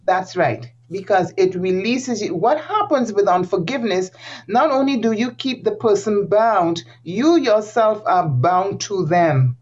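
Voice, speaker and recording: A woman's voice: mid-range voice, expressive, unhurried, a little mellow. A woman guest speaks earnestly in a conversational interview, stressing her points and repeating key phrases, with frequent light laughs. Her voice comes through slightly dull, lo-fi audio.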